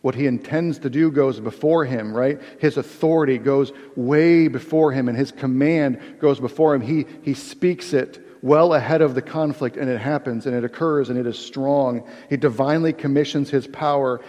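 A man's voice: medium pitch, moderate pace, few pauses, dark tone. A man preaching a sermon in a conversational way, often checking in with the congregation with "right?". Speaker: pastor. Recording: long hall reverb.

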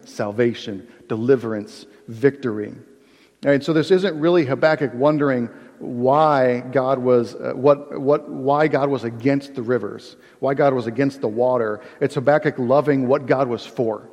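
A male pastor gives a casual, conversational sermon and keeps asking the congregation "right?". His voice sits at an ordinary middle pitch. A long reverb trails off each phrase, as in a church hall. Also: moderate pace, darkish tone. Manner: conversational, asks the audience "right?" often.

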